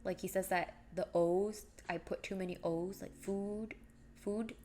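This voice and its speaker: A woman's voice: on the low side, little pitch movement, moderate pace, darkish tone, slight background noise. A young woman chatting casually on a live stream while crafting, rambling and reading out viewer messages. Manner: chatty, rambling, reads chat aloud.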